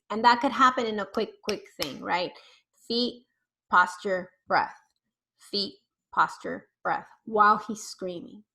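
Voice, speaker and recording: A woman parenting therapist coaching parents on a video call, deliberately swinging her voice from high to low. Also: pushed and bright, rough recording.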